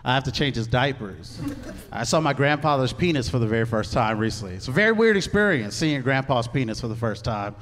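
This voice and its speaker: A young man performing a stand-up comedy set, telling stories in an animated way with laughing asides. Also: mid-range voice, fairly quick. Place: large comedy venue with live audience. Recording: live hall reverb with audience noise.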